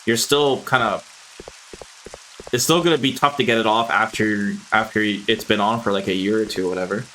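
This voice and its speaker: A man's voice: on the low side, steady tone, normal speed, a bit bright, a little hiss or hum. Rambling, cussing male game streamer. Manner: rambling, swears freely, talks to his viewers. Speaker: gaming streamer. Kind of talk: casual chat while playing a game.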